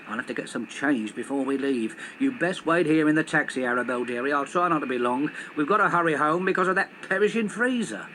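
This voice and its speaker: A man's voice: a little high, quick pace, hardly any pauses, pushed and bright, a little hiss or hum, poor audio. A man doing a grumbling cross taxi driver. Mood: irritated. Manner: gruff, grumbling, common speech.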